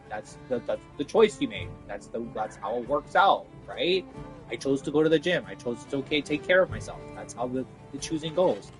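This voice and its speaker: Young man, ranting monologue, agitated, profane, repetitive, fairly high voice, faint background music. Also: low-quality recording.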